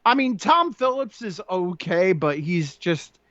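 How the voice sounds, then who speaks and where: A man co-hosting a casual wrestling talk show, excitable and loose, swearing casually. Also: sits high, measured pace, no room sound, muffled recording. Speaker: podcast co-host.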